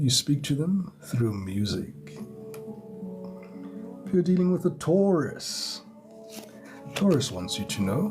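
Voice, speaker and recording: Slow-talking man reading tarot. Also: fairly high pitch, big pitch swings. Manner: chatty, greets viewers, chuckles often. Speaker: tarot reader. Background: music.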